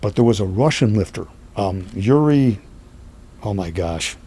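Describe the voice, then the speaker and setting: Husky-voiced man telling stories. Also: on the low side, measured pace. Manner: lively, acts out quoted speech. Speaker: guest. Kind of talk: animated storytelling.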